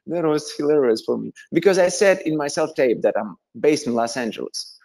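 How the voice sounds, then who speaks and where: A man's voice: fairly high pitch, fairly quick, vocal fry. Man with a Russian accent telling stories. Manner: animated, laughing anecdotes with many fillers. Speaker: interview guest, actor. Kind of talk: casual storytelling interview.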